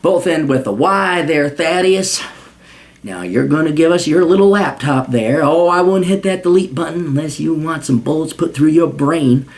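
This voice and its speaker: A man's voice: a little high, moderate pace, voice pushed up, lightly acted. A man putting on a put-on Southern US accent to play a cocky, taunting Texan male federal agent. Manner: drawling, taunting, mock-polite.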